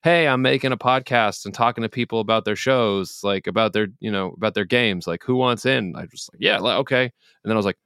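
A man's voice: on the low side, fast, gravelly, a bit bright, clear, resonant tone, no room sound, clean studio sound. A man co-hosting a podcast, easygoing and agreeable in casual chat. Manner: easygoing, agreeable, fills in with yep. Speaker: podcast co-host and player.

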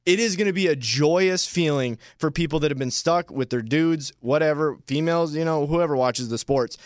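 A young man co-hosting a casual chat show, rambling playfully and building into loud hype. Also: a little high, moderate pace, dry recording, studio quality. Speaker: co-host.

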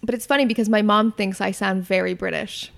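A woman's voice: medium pitch, fairly even intonation, a little fast, vocal fry. A Canadian woman in her late twenties, chatting casually and giggly as a podcast guest, full of likes and self-deprecating asides. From Canada, near Toronto. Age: late 20s. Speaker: guest, content creator.

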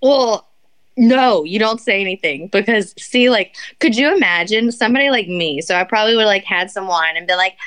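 A woman's voice: mid-range voice, lively intonation, brisk, a bit bright, clean tone. A young woman chatting casually and telling an embarrassing story. She rambles with many fillers and restarts and often breaks into laughter. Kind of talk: casual chat.

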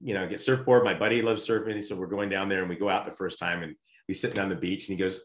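A man telling a lively personal story in a casual chat, often restarting his sentences. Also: low voice, quick pace. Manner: animated storyteller, frequent restarts. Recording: roomy echo.

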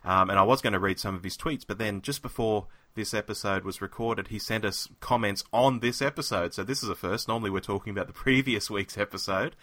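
A man's voice: lowish voice, a little fast, hardly any pauses, a bit bright, no echo. A man co-hosting a podcast and giving an enthusiastic, conversational episode review on a close mic. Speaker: podcast co-host. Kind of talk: casual review chat.

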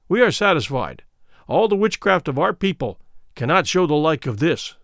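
A man's voice: fairly high pitch, sing-song, moderate pace, fairly bright tone, no room sound, studio quality. A man voicing a frightened, humble tribesman who speaks hastily to placate. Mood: placating. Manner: hasty, placating.

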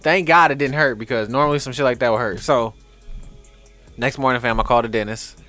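A man on a casual podcast tells a story in loose street slang and often laughs mid-sentence. His pitch leaps around as he acts out what he said, and faint music sits under his voice. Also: a little fast. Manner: animated, slangy, laughs while telling stories.

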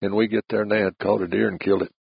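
A low, gravelly man's voice with a husky grain, telling plainspoken rural hunting tales. He sits close on a dry mic. The recording sounds dull and lo-fi. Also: level tone, very fast, no room sound. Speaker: rancher. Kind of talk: casual storytelling.

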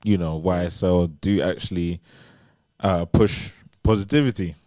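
A man's voice: deep voice, measured pace, dark tone, dry recording, studio quality. A man co-hosting a podcast, chatting in a laid-back, agreeable way. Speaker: podcast co-host. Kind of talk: casual chat.

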